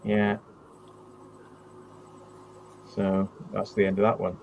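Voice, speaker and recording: A man's voice: lowish voice, monotone, normal speed, gravelly, darkish tone, highs cut off, slight background noise. A man hosting a casual live-stream chat. He tells stories bluntly and swears a lot. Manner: blunt storyteller with heavy swearing. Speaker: channel host.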